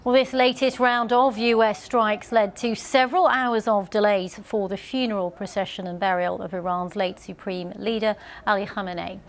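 A woman anchors the news in a measured, scripted delivery. Her voice sits at a middle pitch and stays even as she moves through each story.

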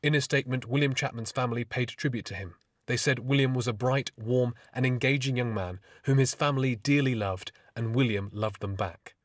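A man reporting for a news bulletin in a steady, formal delivery. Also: mid-range voice, brisk, no echo, clean studio sound, far from the mic.

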